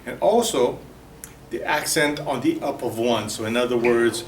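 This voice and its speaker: A man's voice: medium pitch, normal speed, far from the mic, a little hiss or hum. A man teaching a ukulele strum lesson, patiently explaining and counting beats aloud while he plays. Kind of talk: music lesson. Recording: roomy echo from off-mic.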